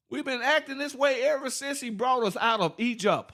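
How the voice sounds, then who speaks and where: A man with teaching scripture informally, asking rhetorical questions, laughing and reading verses slowly. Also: very high-pitched, expressive, pushed and bright. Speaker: Bible teacher.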